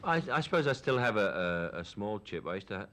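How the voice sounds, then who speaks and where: A man's voice: fairly low pitch, very animated, fairly quick, fairly bright tone, a little hiss or hum. A man with a Cockney accent from London, giving a frank, opinionated and reflective account in a candid documentary interview. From London, England.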